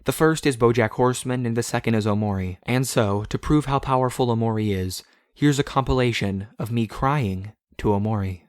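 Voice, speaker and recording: A man's voice: mid-range voice, a little fast, hardly any pauses, clean tone, dry recording, clean studio sound. A young man narrating a game essay in a blunt, self-deprecating, profane way. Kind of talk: scripted voice-over narration.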